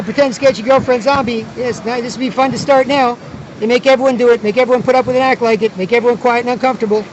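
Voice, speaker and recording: A man with a high voice rambles on in a repetitive monologue, tagging his points with "right?". He is recording outdoors in a city plaza. The sound is slightly dull, with faint traffic noise behind him.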